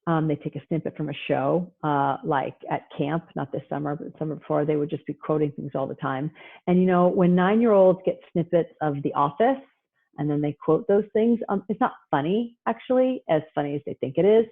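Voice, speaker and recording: A woman presenting on parenting in a casual talk over a video call, chatty and acting out parents and kids in quick asides. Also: low voice. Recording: tinny phone-like line.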